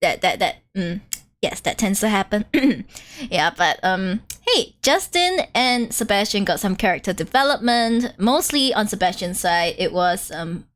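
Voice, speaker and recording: A woman's voice: medium pitch, animated, unhurried. A woman game streamer chatting casually during a live playthrough, giggly and full of fillers. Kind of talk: casual live-stream chat over gameplay.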